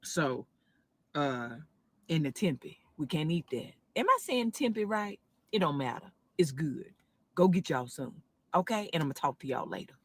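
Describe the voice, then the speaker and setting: A woman in her car, chatting into her phone and reviewing a sandwich, with a drawn-out, preacher-like cadence. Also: low voice, breathy edge. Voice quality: animated southern-style preacher cadence, drawn-out exclamations. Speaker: food video creator. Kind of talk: casual selfie video review.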